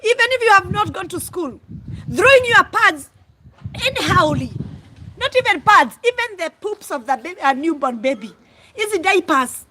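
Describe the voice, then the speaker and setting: Shrill, bright-voiced Kenyan woman. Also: sing-song, normal speed, slight background noise, rough recording. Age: adult, mother of school-age children. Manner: loud, exclaiming, calls herself a screamer. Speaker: live stream host. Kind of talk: casual live stream chat answering viewers.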